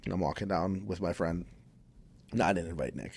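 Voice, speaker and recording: A man's voice: sits low, brisk, a little mellow, slightly rough. A man from Minnesota, a podcast guest, telling a casual, rambling story full of restarts and fillers.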